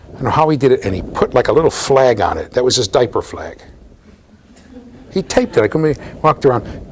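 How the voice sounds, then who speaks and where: Animated male lecturer with lively pitch. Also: fairly quick, slightly rough. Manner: animated, chatty, acts out voices, quizzes the class. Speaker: university lecturer. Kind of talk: classroom lecture.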